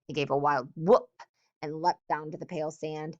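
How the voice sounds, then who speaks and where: A woman reading a novel aloud in a measured, steady narrating manner. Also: low voice, no echo. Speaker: audiobook reader.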